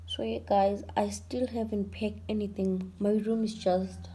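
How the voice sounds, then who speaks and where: A young woman vlogging from her bedroom, tired and emotional, talking softly and sometimes dropping to a whisper. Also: medium pitch, level tone, measured pace, slight background noise. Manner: tired, emotional, soft-spoken, drifting to a whisper. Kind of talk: casual vlog talk to camera. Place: bedroom at home.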